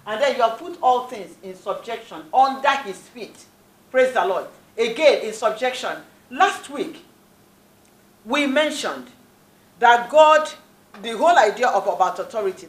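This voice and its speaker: A woman preacher giving a sermon with scripture reading, emphatic, repeating key phrases and often saying "praise the Lord". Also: fairly high pitch. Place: church hall. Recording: echoey church hall.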